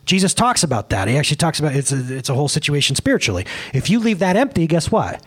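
A male pastor preaching a casual sermon, excitable and rambling, often laughing at himself. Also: a little high, fast talker, breathy edge.

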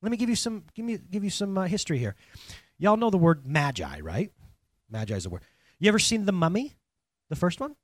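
A male pastor preaches in a loose, conversational way and keeps tossing questions at the people in front of him. His voice sits a little high and swings widely in pitch. The sound is dry and close, with little room in it. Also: brisk, long pauses, dry recording. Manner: conversational, animated, talks to congregation directly. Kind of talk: sermon.

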